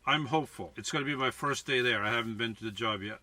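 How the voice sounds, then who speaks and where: A man's voice: mid-range voice, fast, bright, forceful tone, recorded from a distance. A man chatting casually to his viewers as folks while cooking inside his camper van, often restarting and correcting himself. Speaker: van life vlogger. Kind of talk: casual cooking vlog talk.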